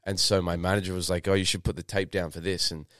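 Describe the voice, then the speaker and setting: Young Australian guy, deep and smooth, rambling storyteller, dry close mic. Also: flat delivery, quick pace, fairly bright tone, dry recording. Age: 20s. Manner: rambling, lots of fillers and restarts, swears casually. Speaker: podcast guest, actor. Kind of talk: casual interview storytelling.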